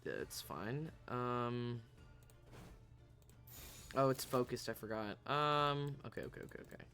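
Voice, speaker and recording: A man's voice: mid-range voice, big pitch swings, normal speed, sharp tone, soft background music. A man streaming a game, making playful, laughing asides between dialogue. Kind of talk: casual gameplay commentary.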